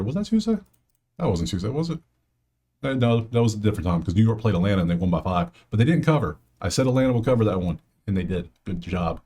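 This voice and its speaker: A man's voice: fairly low pitch, a little mellow. A man hosting a sports betting video, chatting casually through stats and picks and muttering asides to himself. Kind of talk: casual solo commentary over a spreadsheet.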